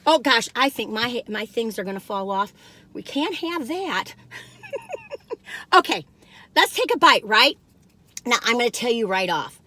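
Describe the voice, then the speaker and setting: A middle-aged woman, talking in a bright, high voice. She chatters on in a bubbly, rambling way and now and then breaks into a little song. The sound is close and dry, as from inside a small parked car. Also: sing-song, unhurried, pauses often, no room sound. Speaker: food review vlogger. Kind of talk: chatty cookie taste-test vlog.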